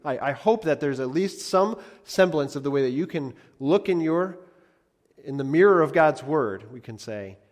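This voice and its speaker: Preaching man in a reverberant hall. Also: mid-range voice. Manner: earnest, varies loudness for emphasis, repeats phrases. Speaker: pastor. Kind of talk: sermon.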